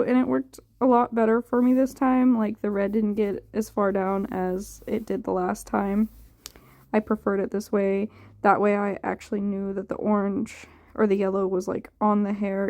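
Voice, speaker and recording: Tired rambling young woman, gravelly voice. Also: mid-range voice, steady tone, normal speed, warm tone, no room sound, studio quality. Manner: rambling, unsure, many "like" fillers. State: tired, yawning. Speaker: hair dye vlogger. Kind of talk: casual voice-over chat.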